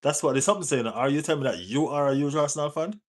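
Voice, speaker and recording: A man with a Jamaican accent hosting a live football stream, answering viewer chat in relaxed patois-tinged talk and urging viewers to like the page. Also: on the high side, racing. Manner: reads out and answers viewer chat, teases, urges likes. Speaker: football livestream host.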